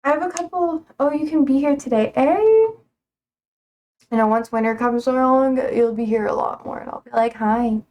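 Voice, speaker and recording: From indoors at home, a young woman hosts a livestream, playfully needling her viewers and describing herself as sassy between frequent laughs. She speaks high-pitched and a bit fast in a steady, darkish tone, barely pausing.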